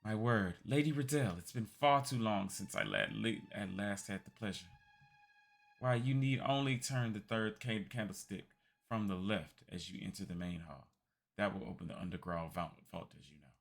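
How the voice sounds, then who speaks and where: A man's voice: lowish voice, normal speed, vocal fry. A man voicing a guilt-ridden old knight who speaks formally and wanders in his thoughts. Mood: rambling.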